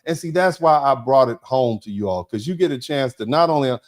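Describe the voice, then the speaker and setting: Male livestream host, mid-pitched, chatty and emphatic, halting restarts, reading chat aloud. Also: animated. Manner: conversational and emphatic, with repeated "you see what I'm saying". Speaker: host of a live show, a lawyer. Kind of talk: livestream talk, thanking viewers and reading chat.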